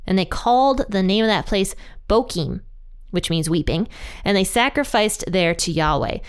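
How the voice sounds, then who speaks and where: A woman's voice: mid-range voice, normal speed, clean tone. A woman teaching a casual Bible study, reading scripture aloud and chatting with small laughs at herself.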